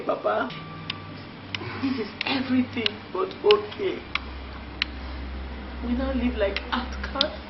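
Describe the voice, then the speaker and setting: A woman's voice: high voice, background noise. An actress playing a grieving young woman who pleads tearfully in a film. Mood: pleading. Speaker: actress playing a distressed daughter. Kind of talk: Nollywood film acting. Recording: roomy, distant, muffled sound under music.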